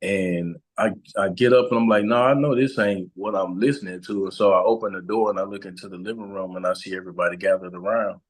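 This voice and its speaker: A man, a guest on an interview podcast, speaks slowly and haltingly, with many fillers and restarts as he tells a personal story. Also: sits low, fairly even intonation, rough recording. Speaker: guest, relationship and trauma coach.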